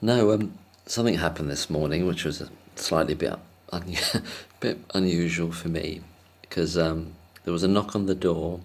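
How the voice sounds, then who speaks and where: A man's voice: sits low, normal speed, few pauses. A man telling a casual, rambling story to camera, hesitant and self-deprecating, chuckling often. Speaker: vlogger.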